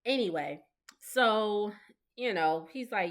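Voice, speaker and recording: A woman in her thirties gives a gossipy, casual recap of a reality TV episode. She talks in a loose, chatty way, laughs often and slips into quick imitations of the cast. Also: mid-range voice. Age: 30s. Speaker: recap vlogger.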